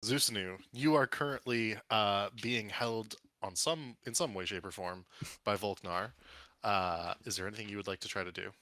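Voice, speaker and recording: A man running a tabletop game as game master, narrating and explaining rules in a relaxed way with fillers. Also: lowish voice, moderate pace, no room sound.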